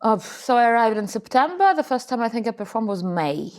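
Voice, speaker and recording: A woman's voice: on the high side, very animated, a little fast. A Russian woman comedian, a guest in a casual chat, speaking English with a Russian accent and dry self-mocking humor.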